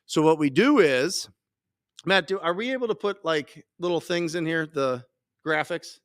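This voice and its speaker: A man hosting a live Q&A, coaching his listeners in an energetic, emphatic way and repeating his key points. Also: fairly high pitch, moderate pace, dry recording, clean studio sound. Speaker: podcast host and wholesaling coach.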